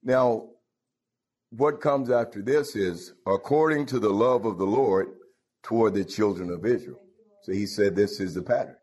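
A man's voice: fairly low pitch, moderate pace, darkish tone, breathy edge. A man preaching a folksy call-and-response sermon, laughing and calling out hallelujahs.

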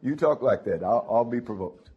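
A man's voice: mid-range voice, lively intonation, moderate pace, husky, dull audio. A man preaching a sermon, calling out to his congregation. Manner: folksy, calls out to the congregation.

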